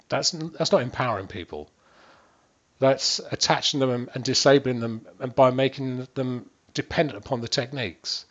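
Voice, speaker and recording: A man's voice: mid-range voice, a bit bright, highs cut off. A man working as a wellbeing coach, talking straight to camera in an earnest, emphatic way and repeating words for stress.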